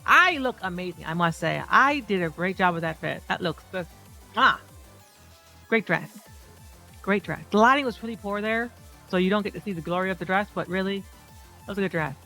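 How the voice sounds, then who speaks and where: A woman giving excitable, profane commentary over footage of her own fighting game matches and talking straight to viewers. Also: medium pitch. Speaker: competitive fighting game player. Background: faint background music.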